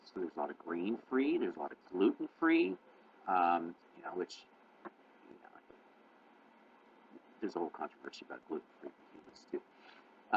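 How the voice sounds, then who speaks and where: A man hosting his own channel, giving casual, rambling cat-care advice full of fillers and restarts, talking fast on purpose. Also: on the low side, muffled recording, slight background noise.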